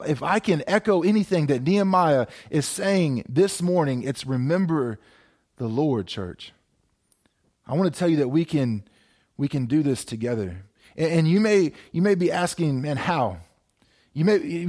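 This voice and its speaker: A pastor with a fairly high, darkish voice preaches a sermon into a camera for viewers at home. He exhorts them with repeated phrases and often stammers and restarts.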